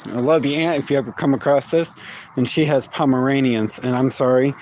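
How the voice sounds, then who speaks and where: A man's voice: medium pitch, steady tone, fairly quick, a little mellow, slight background noise. A man, chatting casually outdoors in his yard while he vlogs on a phone, rambling and talking to his dogs. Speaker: vlogger. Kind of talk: casual walk-and-talk vlog. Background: dogs barking.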